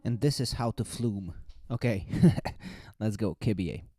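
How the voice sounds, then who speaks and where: A man's voice: on the low side, measured pace, mellow, dry recording, clean studio sound. A man judging beatbox entries on a casual live reaction stream, joking, swearing and laughing often.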